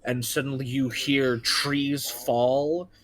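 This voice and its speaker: A man narrating a tabletop game as game master, relaxed and rambling with fillers. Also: mid-range voice, slow pace.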